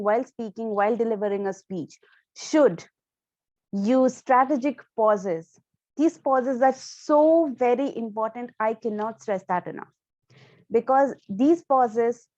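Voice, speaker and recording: A woman's voice: a little high, a little mellow, no room sound, dull audio. Emphatic woman coaching on public speaking. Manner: emphatic, stresses key words with deliberate pauses. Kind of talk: instructional talk to camera.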